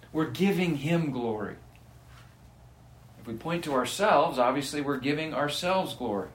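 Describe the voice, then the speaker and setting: A man preaching a sermon in a slow, deliberate cadence, his voice sitting a little high for a man. He is earnest and emphatic, leaning on key words. The sound carries a roomy echo. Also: fairly bright tone. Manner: earnest, slow and emphatic, reads scripture aloud. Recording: echoey room.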